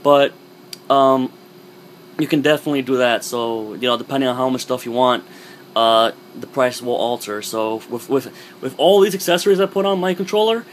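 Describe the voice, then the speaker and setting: A young man who is losing his voice, casually reviewing his game controller in a rambling, relaxed way with lots of fillers. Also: medium pitch, moderate pace, slight background noise. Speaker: gaming vlogger.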